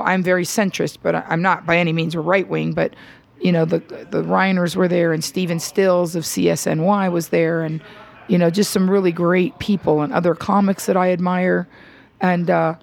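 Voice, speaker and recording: A middle-aged woman comedian telling an animated story in an interview. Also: on the low side, moderate pace, creaky. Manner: animated, tells anecdotes with acted quotes. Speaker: stand-up comedian and radio host.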